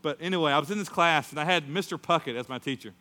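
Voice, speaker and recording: A middle-aged man preaching a sermon, telling a story and acting out the voices in it with lively storytelling. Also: on the high side, quick pace. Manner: animated storytelling, acts out voices. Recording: long hall reverb.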